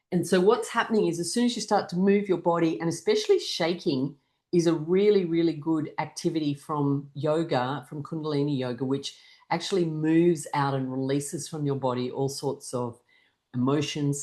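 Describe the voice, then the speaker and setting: A laughter class leader talking listeners through breathing and laughing exercises step by step. They speak gently, ask everyone to copy along, and hesitate now and then with soft fillers. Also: mid-range voice.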